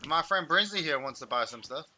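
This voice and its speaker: Excitable man commentating gameplay. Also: a little high, brisk. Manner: excitable, shouty, playful trash talk. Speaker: gaming host.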